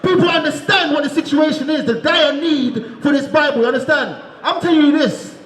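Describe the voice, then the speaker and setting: A man preaching to a crowd in the street, shouting and calling on listeners to answer, asking again and again if they understand. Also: extremely high pitch, brisk. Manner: repeats "you understand?". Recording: echoey, crowd noise behind.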